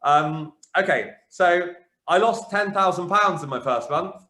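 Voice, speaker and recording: A man who founded a company, telling his own story frankly to a business audience, with many ums and lively retelling. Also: high-pitched, unhurried. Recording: echoey room.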